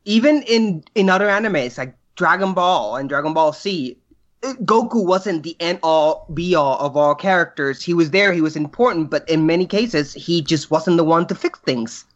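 A man's voice: fairly high pitch, expressive, normal speed, lo-fi sound. A man co-hosting a casual movie chat, earnest and critical with firm opinions. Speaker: podcast co-host.

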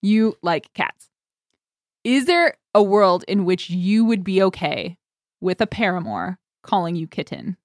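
Woman, podcast co-host, casual chat, giggly, rambling, lively pitch, dry close sound. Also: a little slow, no echo.

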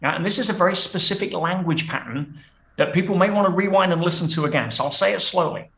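A man's voice: high-pitched, fast, gravelly, bright, forceful tone, echoey room. A man speaking as a guest coach in a podcast interview, emphatic and full of rhetorical questions.

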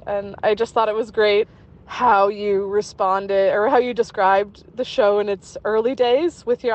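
A woman calling in with a voicemail message, halting and close to tears as she speaks. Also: a little high. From Canada. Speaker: caller.

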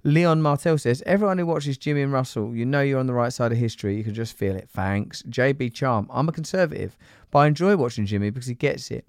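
A man's voice: mid-range voice, a little mellow, no echo. Playful male podcast host, dry sound. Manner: playful, joking, quick banter. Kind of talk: casual podcast chat.

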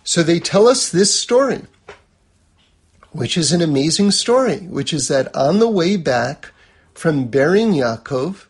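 Male religious teacher, high husky voice, relaxed conversational lecturing with everyday examples. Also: measured pace.

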